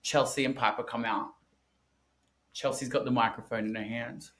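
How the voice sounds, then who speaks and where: A man co-hosting a podcast in casual chat, recapping wrestling in an animated, profane way and laughing often. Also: mid-range voice, moderate pace. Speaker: podcast co-host.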